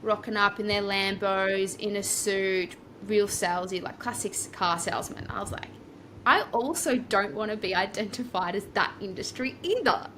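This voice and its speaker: Young aussie woman rambling on a podcast, bright tone, bit of hiss behind. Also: medium pitch, moderate pace. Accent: Australian. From Australia. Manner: chatty, rambling, lively asides. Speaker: property coach, podcast guest. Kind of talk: casual storytelling interview.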